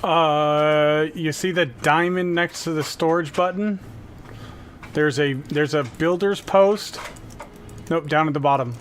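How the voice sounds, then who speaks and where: A man's voice: fairly high pitch, takes it slowly, fairly bright tone, a little hiss or hum. A man livestreaming a game, patiently explaining the controls step by step in a casual way.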